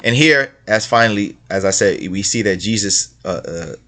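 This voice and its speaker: A man with a fairly low, slightly bright voice offers casual commentary on religious texts at a moderate, animated pace. Between remarks he reads passages aloud, repeatedly returning to his main point and tossing in questions like "right?".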